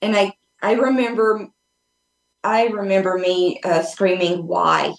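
A woman guest speaks over a remote call from an echoey room. Her telling is casual and earnest, full of restarts and fillers as she circles her story. Her pitch sits in an ordinary middle range for a woman. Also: measured pace. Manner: rambling, with many restarts and fillers; earnest and open. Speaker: podcast guest.

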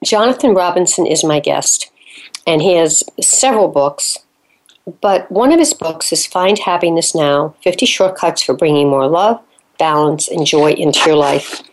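A woman hosting a radio interview, reading a guest introduction and asking questions at a measured pace. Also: low voice, animated, low-quality recording. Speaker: radio talk show host.

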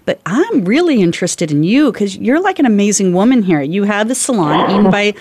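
A woman's voice: medium pitch, big pitch swings, fairly quick, darkish tone, a little hiss or hum. A woman hosting a radio interview, friendly and chatty, full of praise for her guest. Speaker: radio show host.

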